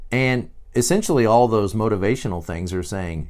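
A man's voice: fairly low pitch, moderate pace, hardly any pauses. A man teaching in a conversational, digressive way, with frequent asides and fillers. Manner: animated, digressive, many fillers.

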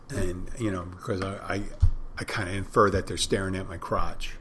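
Low-voiced man rambling jokingly. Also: steady tone, moderate pace, a bit bright, slight background noise. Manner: rambling, jokey, acts out greetings. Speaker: podcast host and bartender. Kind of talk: casual monologue.

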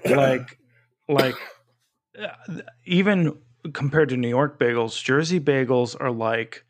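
Male podcast co-host, casual chat, rambling, mid-pitched voice. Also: slow. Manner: chatty, rambling with restarts.

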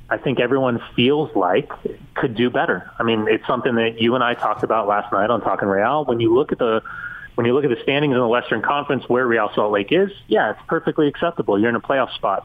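A man calling in as a soccer analyst, talking things through in an analytical, measured way with frequent fillers. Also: lowish voice. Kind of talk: radio phone interview. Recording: tinny phone line.

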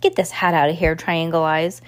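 A woman's voice: fairly low pitch, normal speed, natural voice. A woman voicing a scheming, greedy villainous male count in a storybook reading, with a snarling, gloating delivery.

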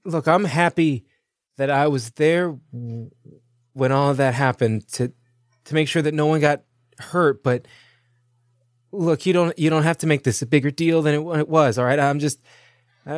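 A man's voice: fairly high pitch, moderate pace, no room sound, studio quality, pitched above the performer's own voice, close to an everyday voice. A man voicing a flustered young male kid who stammers and trips over his words. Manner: stammering, nervous.

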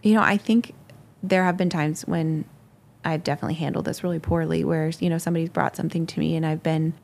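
A woman who leads a ministry thinks out loud about how she handles criticism. Her voice sits a bit low and has a gravelly fry. Her answers meander and are full of fillers. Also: steady tone, fast talker. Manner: rambling, self-reflective, laughs easily. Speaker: ministry leader. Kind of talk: reflective interview answer.

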